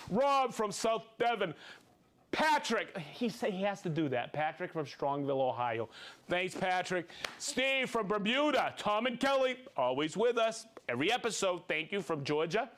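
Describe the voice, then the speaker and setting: Upbeat man with a high, lively voice. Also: a little hiss or hum. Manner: upbeat, playful, reads names and places quickly. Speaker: host. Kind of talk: live stream shout-outs to viewers.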